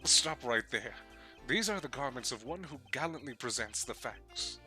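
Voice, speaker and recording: A man reading out a haughty young prosecutor from a video game, stiff and formal in every phrase, the tone very bright and sharp, with faint music under the voice. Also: medium pitch, lively intonation, normal speed. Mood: indignant. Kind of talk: live-streamed game reading.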